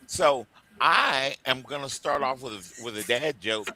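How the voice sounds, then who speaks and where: Bright-voiced joking male radio host. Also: medium pitch, a little slow, slight background noise. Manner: jokey, laughs often. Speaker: radio show co-host, recruiter. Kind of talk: casual radio chat.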